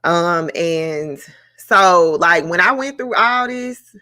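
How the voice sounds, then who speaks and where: Slow, reflective woman hosting a live stream. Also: on the low side, animated, bright, forceful tone. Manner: slow, reflective and emotional, with many fillers. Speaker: book club host. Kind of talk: live-stream book discussion.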